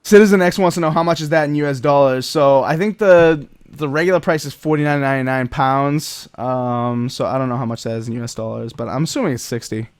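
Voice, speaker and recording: A man's voice: medium pitch, a little fast, hardly any pauses, no room sound. A man hosting a casual gaming podcast, rambling with many fillers and reading out chat comments. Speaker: podcast host.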